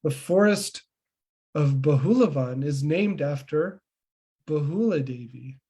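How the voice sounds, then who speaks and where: A man's voice: fairly high pitch, expressive, slow, warm tone, husky. A man teaching a spiritual class, telling devotional stories in an earnest, reverent way. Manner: earnest, reverent, lists names one after another. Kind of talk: devotional storytelling lecture.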